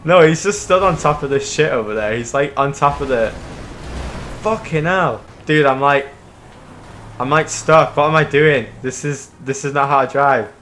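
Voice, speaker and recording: A man hosts his own gaming channel, giving excitable, casual commentary as he plays, shouting, laughing, and swearing freely. His voice is a little high, his pace moderate, and there's slight background noise.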